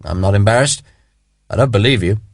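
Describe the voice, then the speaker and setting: A man's voice: fairly low pitch, fairly quick, dry recording, studio quality, close to an everyday voice. A man voicing a blunt army officer who speaks in short, plain sentences. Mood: terse.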